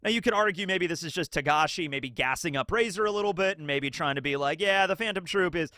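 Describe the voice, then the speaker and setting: A man's voice: a little high, fast talker, no room sound, clean studio sound. A man hosting a casual anime commentary video, talking animatedly and acting out characters' lines in his retelling. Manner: animated, acts out quotes, swears casually.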